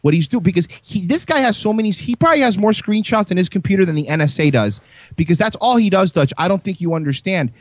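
A man with a high voice that swings all over the place as he riffs, mocking and profane, tripping over his own words as he goes. The sound is dry and close, with no room around it. He talks like a podcast co-host in loose, foul-mouthed banter. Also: animated, quick pace, dry recording. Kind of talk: crude casual banter.

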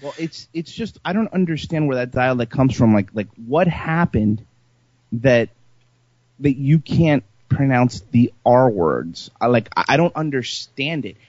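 A man's voice: medium pitch, lively intonation, measured pace, darkish tone, no echo, lo-fi sound. A man hosting a radio show, teasing his co-hosts in casual banter. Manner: provocative teasing, laughing.

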